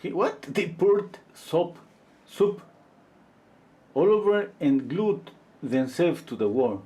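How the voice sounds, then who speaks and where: A man in his fifties, a portrait painter chatting casually on a livestream and telling rambling, animated stories. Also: on the high side, takes it slowly. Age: 50s. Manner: rambling, animated storytelling full of "you know".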